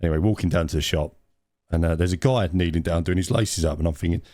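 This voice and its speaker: Low-voiced man telling a rambling story. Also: fast talker, mellow, no room sound, clean studio sound. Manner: rambling anecdote with frequent laughs and restarts. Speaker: podcast co-host. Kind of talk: casual storytelling chat.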